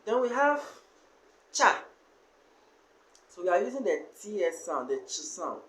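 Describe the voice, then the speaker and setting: A man teaching a language lesson, slowly sounding out and repeating each syllable and word. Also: sits high, big pitch swings, a bit bright. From Ghana. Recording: echoey room.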